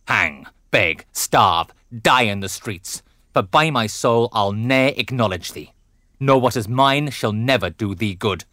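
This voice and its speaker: A man playing a furious, domineering noble father in a classical drama, blustering between growls and shouts. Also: on the low side, no room sound, clean studio sound, exaggerated voice.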